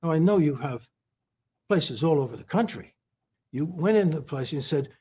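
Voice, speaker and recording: A man from California, a guest in an interview, giving heartfelt praise in halting speech full of repeated words and fillers. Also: a little high, animated, mellow, a little hiss or hum.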